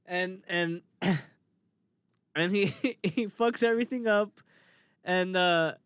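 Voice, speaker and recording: A man's voice: high voice, extremely slow, smooth, no echo. A young man in casual chat, retelling scenes with lots of swearing and laughter. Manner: animated retelling, swears freely, laughs often.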